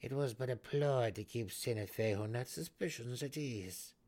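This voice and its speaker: A man voicing a scheming, cruel dark elf matriarch in a dramatic audiobook reading, coy and commanding. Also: medium pitch, unhurried, pitched above the performer's own voice, natural voice. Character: scheming cruel drow matriarch, female, imperious.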